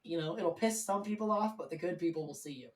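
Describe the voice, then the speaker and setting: A man's voice: a little high, quick pace, far from the mic, low-quality recording. A man speaking as a guest on a live stream, telling his story in a candid, rambling way with plenty of swearing.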